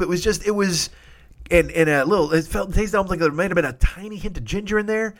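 A middle-aged man hosting a podcast, telling a rambling, profane, excitable comic story. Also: high voice, fast talker. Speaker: podcast host.

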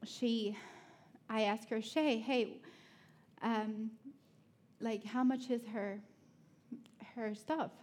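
Woman preaching at church, slow and a bit husky, tells her stories all animated then goes soft when she prays. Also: on the high side. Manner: animated storytelling, laughing at herself, soft prayerful asides. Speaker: speaker at a church. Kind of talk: sermon with personal stories.

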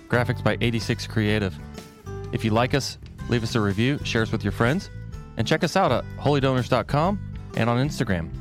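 A podcast host reading the show's outro in a put-on French accent. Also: male voice, mid-range voice, pitched above the performer's own voice, natural voice. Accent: mock French.

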